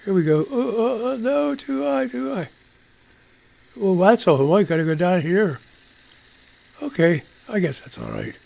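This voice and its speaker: A man's voice: high voice, expressive, measured pace, vocal fry, pauses often, darkish tone. A man hosting a live show, rambling casually with salty language and poking fun at himself, a bit short of breath. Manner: rambling, salty, self-mocking. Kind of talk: casual live-stream chat.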